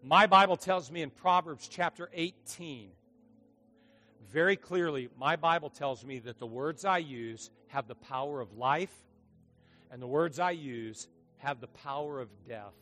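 Middle-aged male pastor, lively storytelling sermon with jokes, slightly high voice, soft music underneath. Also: a little slow. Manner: animated, joking storyteller who acts out voices.

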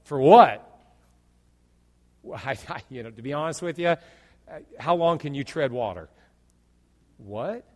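A male pastor preaching a sermon in an animated way, acting out imagined dialogue and jokes. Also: medium pitch, fairly quick, big-room sound.

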